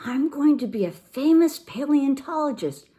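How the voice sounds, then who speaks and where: Woman doing an excitable Siamese kitten boy. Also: sits high, normal speed, voice pushed up. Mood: excited. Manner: exaggerated Spanish accent put on.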